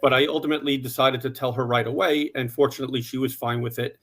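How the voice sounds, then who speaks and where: A man in his forties telling his personal story on a panel in a steady, plain way, with some "uh" fillers. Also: medium pitch, fast talker. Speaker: conference panelist.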